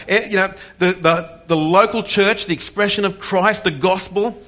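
A man's voice: high-pitched, steady tone, moderate pace. A man in his forties preaching a passionate sermon with personal testimony, rising in intensity on key points. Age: 40s. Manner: passionate, rising to near-shouts on key points, with frequent restarts. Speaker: pastor.

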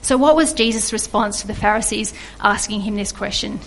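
A woman's voice: mid-range voice, a little fast, creaky, slight background noise, poor audio. An earnest woman giving a reflective devotional sermon, asking her listeners questions. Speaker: preacher.

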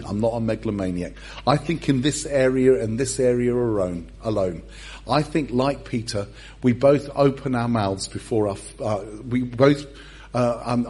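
Husky preacher telling jokes. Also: male voice, medium pitch, warm tone. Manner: humorous storyteller with comic voices. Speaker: pastor. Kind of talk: sermon. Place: church service.

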